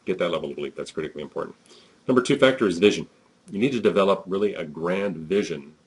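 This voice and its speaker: A man's voice: deep voice, slightly rough. A man giving a conversational, emphatic motivational talk as a network marketing trainer, with frequent fillers.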